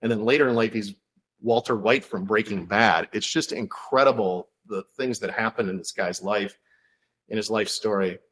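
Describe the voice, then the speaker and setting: A man appearing as an author guest in a casual chat, telling his story enthusiastically and in rapid-fire fashion. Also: fairly low pitch, fairly bright tone.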